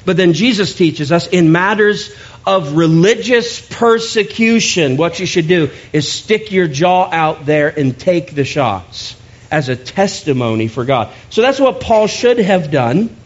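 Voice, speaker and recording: A man's voice: high voice, expressive, measured pace, highs cut off. A man preaching a sermon to his church, talking in a conversational way with joking asides. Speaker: pastor.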